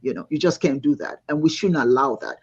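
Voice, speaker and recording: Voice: mid-range voice, a little fast, a little mellow, breathy edge, muffled recording. A host moderating a live panel discussion, affirming the guests and reading out viewer comments.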